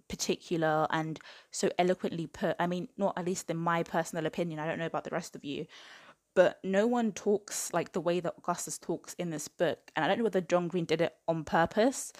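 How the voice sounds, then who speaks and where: Exasperated woman in her twenties. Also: fairly low pitch. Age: 20s. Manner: exasperated, chatty rant full of "like". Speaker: book reviewer. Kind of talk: casual book review vlog.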